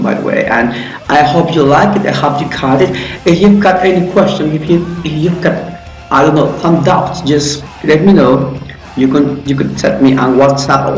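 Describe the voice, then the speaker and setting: Fairly high-voiced male teacher in an echoey room. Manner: explains and asks questions to himself, with frequent restarts. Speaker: English teacher. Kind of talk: casual online grammar lesson. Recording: echoey room with faint music.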